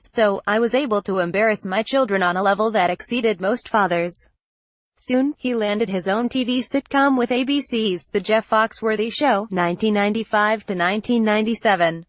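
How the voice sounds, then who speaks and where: A woman's voice reading out a news article, photo credits and quoted punctuation included, in a flat read-out manner. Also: medium pitch, normal speed, dry recording. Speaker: news reader. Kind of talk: text-to-speech article reading.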